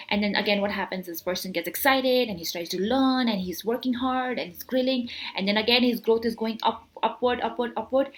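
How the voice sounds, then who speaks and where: A woman speaking straight to camera in a relaxed, talky way, coaching her viewers. She keeps throwing out rhetorical questions and answers them herself. She restarts her phrases and fills the gaps with "uh" and "you know" as she sketches ideas with her hands. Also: medium pitch. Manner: explains with hand gestures, repeats words, many fillers. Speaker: motivational speaker. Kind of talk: casual talk to camera.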